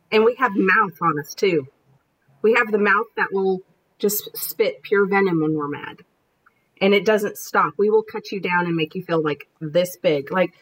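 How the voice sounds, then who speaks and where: Woman in her forties, husky voice, brash and profane, casual podcast chat. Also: medium pitch, rough recording. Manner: brash, profane, combative storytelling. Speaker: podcast guest.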